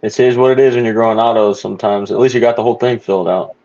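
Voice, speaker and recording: A man hosting a casual podcast chat, laid-back and quick to laugh. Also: fairly low pitch, fairly even intonation, dark tone, lo-fi sound. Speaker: podcast host.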